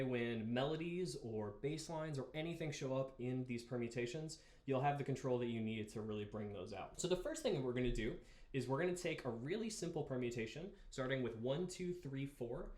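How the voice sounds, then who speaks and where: A young man teaching marimba, talking through exercises in a relaxed way and counting beats aloud. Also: medium pitch, brisk. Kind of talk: instructional music lesson. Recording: roomy practice space with marimba. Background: marimba playing.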